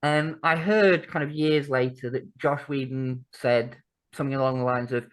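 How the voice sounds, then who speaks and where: A woman's voice: extremely low pitch, fairly even intonation, normal speed. A woman co-hosting a podcast, chatty and sweary in casual talk. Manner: chatty and sweary, laughs often. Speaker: podcast co-host. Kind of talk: casual chat.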